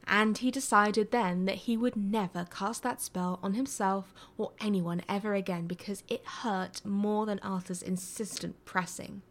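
A woman reading a story aloud in a calm, soft manner, sometimes dropping to a near whisper. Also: medium pitch. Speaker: reader. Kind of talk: reading fan fiction aloud.

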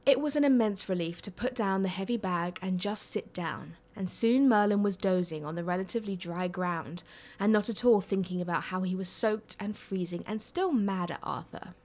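A woman's voice: medium pitch, normal speed, a little mellow. Woman reading a story aloud. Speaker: story reader. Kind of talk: reading fan fiction aloud.

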